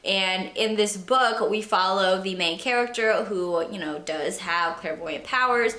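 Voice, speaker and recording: A woman's voice: medium pitch, measured pace, bright, forceful tone. A woman book vlogger chatting casually in a bubbly, gushing way. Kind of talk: casual vlog chat. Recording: echoey room.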